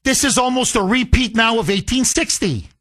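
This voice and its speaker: A man's voice: very high voice, normal speed, a bit bright. A man hosting a talk radio show, delivering a fiery, combative monologue that leans on repetition. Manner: impassioned, combative, repetitive rhetoric.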